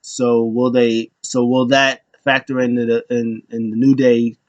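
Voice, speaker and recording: A man's voice: mid-range voice, flat delivery, unhurried, a little mellow, no echo, highs cut off. A man casually recapping wrestling events in a rambling, amused way, often laughing as he retells them. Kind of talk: casual chat.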